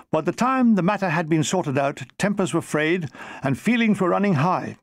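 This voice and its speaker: A man reading his own comic war memoir in a dry, deadpan way. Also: sits high, moderate pace, no room sound.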